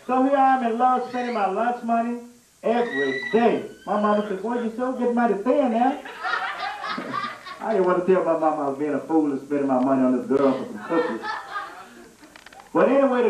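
A man preaching a storytelling sermon, animated and laughing through a comic story. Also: high voice, background noise. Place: church sanctuary. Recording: echoey church room, mic at a distance.

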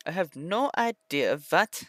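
A young man streaming a flight combat game, talking to his viewers in an excitable, rambling way. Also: fairly high pitch, unhurried, no echo. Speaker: gaming streamer. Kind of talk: live gameplay commentary.

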